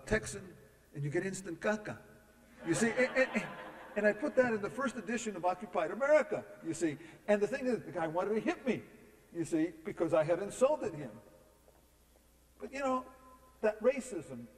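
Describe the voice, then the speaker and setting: Casting note: man with a high voice, storytelling speaker at a lectern, long hall reverb. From California. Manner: storytelling, asks the crowd rhetorical questions. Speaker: guest speaker. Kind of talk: public lecture. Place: university lecture hall. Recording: long echo in a lecture hall.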